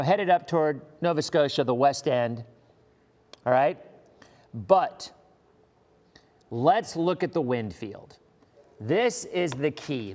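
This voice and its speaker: Reassuring, emphatic man with a high voice. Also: darkish tone, in a large hall. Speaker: TV meteorologist. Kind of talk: live weather broadcast. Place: live stream studio.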